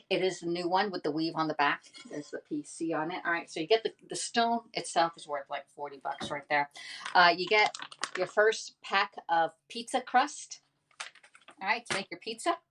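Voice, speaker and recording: A woman chats and sells to her live viewers in an animated, talkative way. Her voice sits a bit low for a woman. She is picked up by a mic set back from her, so she sounds slightly distant. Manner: chatty, animated, talks straight to viewers. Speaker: home cooking livestream host. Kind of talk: casual live-stream chat and product pitch.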